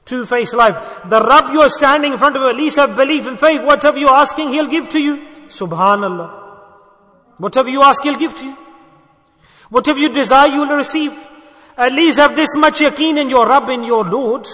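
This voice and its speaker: A man's voice: very high voice, brisk, sharp tone, big-room sound. A man delivering an emotive sermon, telling a story and rising into impassioned exhortation. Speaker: preacher.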